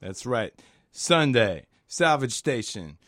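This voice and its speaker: A man being interviewed on the radio as a musician and festival organizer, talking in a relaxed, rambling way with fillers. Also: medium pitch, slow, dry recording, clean studio sound.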